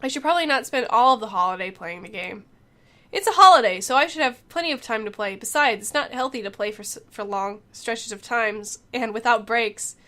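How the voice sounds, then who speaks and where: High-voiced young woman gaming. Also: a little fast. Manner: animated, swears when frustrated. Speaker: let's play gamer. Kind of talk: casual gaming commentary and reading aloud.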